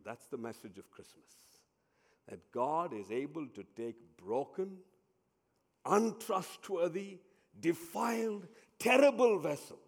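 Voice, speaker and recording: A middle-aged man preaching a sermon as a pastor, telling stories dramatically and swinging between loud and hushed delivery. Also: medium pitch. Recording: long hall reverb.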